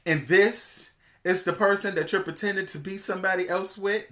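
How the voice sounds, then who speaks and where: A man's voice: high-pitched, normal speed. Sassy, chatty man recapping TV. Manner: sassy, chatty, addresses viewers as "girl"; expressive, swings between hushed asides and loud exclamations. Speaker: TV show reviewer. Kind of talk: casual TV episode recap.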